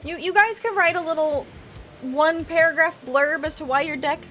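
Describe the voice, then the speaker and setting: A woman's voice: high voice, moderate pace, pushed and bright, a little hiss or hum. A woman streaming from home, chatting casually and teasing her viewers in chat.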